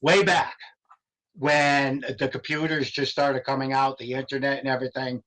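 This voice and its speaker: An older man telling stories on a podcast in a lively way, laughing often and acting out what others said. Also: mid-range voice, moderate pace, low-quality recording. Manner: animated, laughs often, acts out quotes. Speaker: paranormal investigator guest. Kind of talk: casual storytelling.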